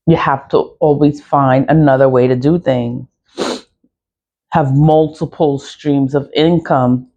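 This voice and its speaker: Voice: medium pitch, darkish tone, lo-fi sound. Vlogger, frank and foul-mouthed, repeats themselves while venting casually. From the Bronx, New York. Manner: blunt, profane, repetitive venting. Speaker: spiritual practitioner and seller. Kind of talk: casual vlog monologue while doing a candle ritual.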